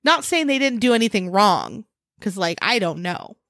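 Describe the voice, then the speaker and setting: A woman's voice: medium pitch, very animated, normal speed, a bit bright, no echo, clean studio sound. A woman co-hosting a true-crime podcast in casual chat. She talks in an upbeat, chatty way. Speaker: podcast co-host.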